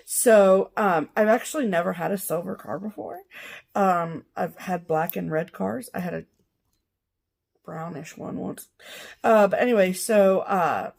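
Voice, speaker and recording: A woman's voice: fairly low pitch, a little slow, gravelly, darkish tone. A woman co-hosting a casual chat show, telling a long rambling story full of fillers and asides. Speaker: co-host of a cross-stitch show.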